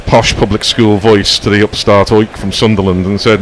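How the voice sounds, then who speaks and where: A man's voice: fairly low pitch, little pitch movement, moderate pace, a little hiss or hum. A man giving ball-by-ball cricket commentary with rambling, whimsical asides.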